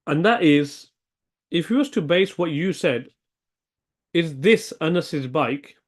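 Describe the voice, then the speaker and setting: A man's voice: fairly high pitch, animated, slow. A man teaching an Arabic grammar class, thinking aloud and checking in with "okay?" often. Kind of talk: online language lesson.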